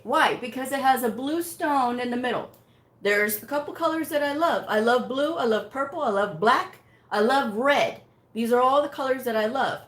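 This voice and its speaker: A woman's voice: fairly high pitch, fairly bright tone. A woman hosting a medical coding channel, telling a story bluntly and directly. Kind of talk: casual talking-head rant. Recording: echoey room sound.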